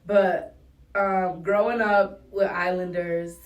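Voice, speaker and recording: A woman's voice: medium pitch, level tone, takes it slowly, highs cut off. Blunt woman with a New England accent. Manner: blunt, profane, unfiltered. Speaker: rapper guest. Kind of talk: casual interview. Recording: roomy and distant mic.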